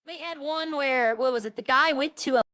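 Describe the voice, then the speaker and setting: A woman's voice: high voice, fairly quick, sharp tone, no room sound. A woman chatting casually on a roleplay stream, rambling through funny stories and imitating the people she quotes.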